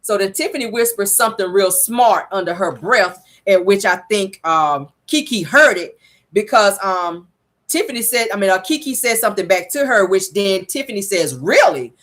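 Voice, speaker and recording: Sassy female host, gossipy recap delivery, very lively pitch. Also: moderate pace. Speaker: reality show reviewer. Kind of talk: casual recap commentary.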